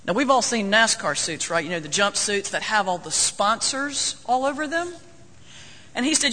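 A man's voice: high-pitched, animated, normal speed, pushed and bright. A man preaching a sermon as a folksy, joking storyteller. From North Carolina, US. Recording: long hall reverb.

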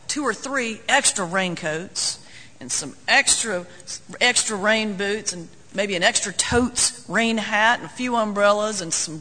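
A man's voice: sits high, pushed and bright, a little hiss or hum. A man preaching a sermon as a folksy, joking storyteller. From North Carolina, US. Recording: long hall reverb.

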